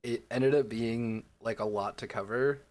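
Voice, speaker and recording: A man with a middle-pitched voice co-hosting a casual comedy podcast. He chats in a relaxed, easygoing way and teases his co-host. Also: a little slow. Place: home setup, apart from co-host.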